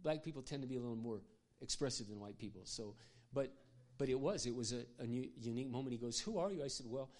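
A man's voice: mid-range voice, fairly even intonation, fast talker, darkish tone. An older man who is a pastor, preaching a sermon through personal stories. He speaks passionately and conversationally, with asides to his audience. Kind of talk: sermon storytelling.

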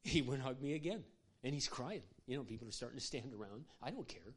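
An older male pastor preaches with passion in a mid-pitched voice. He tells stories conversationally and breaks off for asides to the congregation. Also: lively intonation, fast, slightly rough. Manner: impassioned, conversational, with asides to the audience. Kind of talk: sermon storytelling.

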